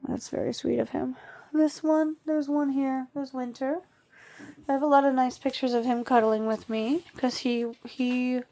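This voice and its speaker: A woman vlogging at home while she has a migraine, talking softly and tiredly and cooing at her dogs. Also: on the high side, no echo. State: suffering a migraine. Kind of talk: casual vlog talk to camera and dogs. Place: at home indoors.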